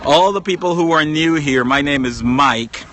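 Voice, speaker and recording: A man's voice: fairly high pitch, normal speed, fairly bright tone, slight background noise. An American man casually chatting on a phone live stream from outdoor ruins, greeting viewers and laughing often. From United States. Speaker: journalist livestreaming. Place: outdoors at palace ruins with people around. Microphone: phone on a tripod.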